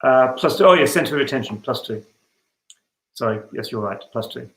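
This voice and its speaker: A man's voice: medium pitch, expressive, fairly quick, fairly bright tone, roomy sound, low-quality recording. A man playing a tabletop role-playing game over a video call, often correcting himself and apologizing with a laugh. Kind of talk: casual role-play chat.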